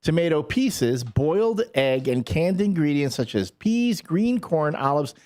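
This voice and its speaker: A man co-hosting a morning radio show, talking in a rambling, halting, jokey way. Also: a little high, big pitch swings, darkish tone. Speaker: radio co-host. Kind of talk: casual morning radio banter.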